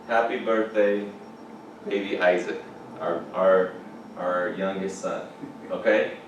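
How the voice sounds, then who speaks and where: Male chapel preacher, animated and exclamatory, lowish voice, distant mic, noisy echoing hall. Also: takes it slowly. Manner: animated, rising to excited exclamations. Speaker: chapel speaker. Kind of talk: lively chapel sermon. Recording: echoey hall from far off, background noise.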